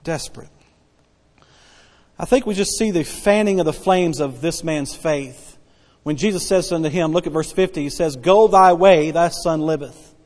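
A man in his forties preaching a sermon, repeating key phrases and drawing out Bible verses slowly. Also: a little high, a little mellow, in a large hall. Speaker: pastor.

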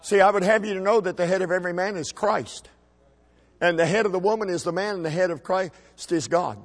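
A middle-aged man preaching a sermon as a pastor, folksy and emphatic, with shouted peaks. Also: high voice, fairly quick, long reverb tail. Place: church sanctuary.

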